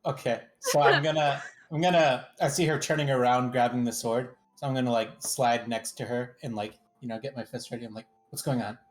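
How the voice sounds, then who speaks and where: A man playing a tabletop game, talking in a halting, rambling way with many fillers. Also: medium pitch, fairly even intonation, over music. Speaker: player. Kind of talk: casual tabletop play.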